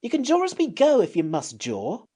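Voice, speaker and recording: A man's voice: very high voice, wildly swooping pitch, normal speed, warm tone, husky, pitched above the performer's own voice, full character voice. A man voicing a bossy, impatient young boy in a storybook reading, with a raised, pushy delivery. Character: bossy practical boy, eldest brother.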